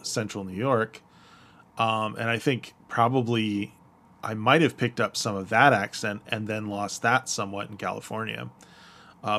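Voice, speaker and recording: An American man co-hosts a podcast, and his voice sits fairly low with a fairly bright tone. He chats casually but hesitantly, filling gaps with lots of fillers and laughing often.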